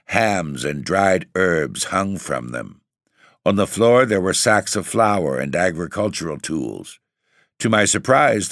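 A man narrating a first-person story in a measured, clear storytelling manner. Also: sits low, fairly bright tone, no echo, clean studio sound. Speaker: audiobook narrator.

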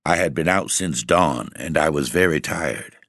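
A man narrating a first-person story in a measured, clear storytelling manner. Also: rumbling low, a bit bright, dry recording, clean studio sound. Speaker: audiobook narrator.

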